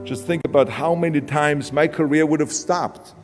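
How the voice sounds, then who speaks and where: In a large hall, with reverb and music underneath, an Austrian-accented motivational speaker from Austria gives a blunt, emphatic speech. His voice is a little high and he speaks at normal speed, plain-spoken throughout.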